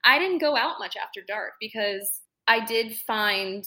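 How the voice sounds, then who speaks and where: Woman in her late twenties, bright tone, slightly high voice, rambling podcast chat. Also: lively intonation, a little slow. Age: late 20s. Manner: emotional, rambling storytelling. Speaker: podcast co-host. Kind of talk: casual chat.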